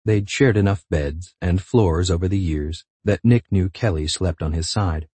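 In scripted narration, a man with a very low, dark, husky voice reads a novel in a measured, intimate way. The close, dry recording has no echo or room sound.

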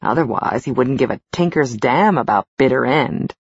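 A woman's voice: very deep voice, expressive, moderate pace, breathy edge, no room sound, heavily acted. A woman narrator voicing a confident man who explains a theory to friends. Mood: assured. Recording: slightly dull, dry studio recording.

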